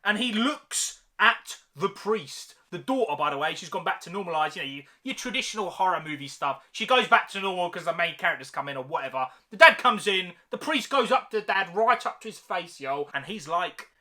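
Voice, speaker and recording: Male reviewer, animated and mocking, with slang and big exaggerations. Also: high voice, a little fast, hardly any pauses. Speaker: movie reviewer. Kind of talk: ranting review vlog.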